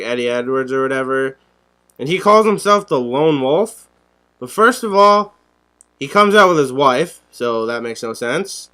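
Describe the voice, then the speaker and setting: Young guy ranting on a podcast, sarcastic, swears, smooth clear voice. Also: medium pitch, fairly bright tone. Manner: blunt, sarcastic, swears a lot. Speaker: podcast co-host. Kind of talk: casual podcast chat.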